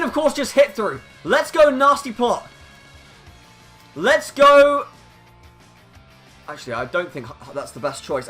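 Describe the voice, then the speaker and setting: A man giving excitable live commentary over his own competitive video game battle. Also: very high voice. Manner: excitable, hyping up big plays.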